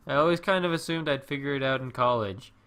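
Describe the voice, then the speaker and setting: A man's voice: medium pitch, quick pace, a bit bright, clear, resonant tone. Laid-back man reading game lines. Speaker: let's play co-host. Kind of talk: reading character lines from a visual novel.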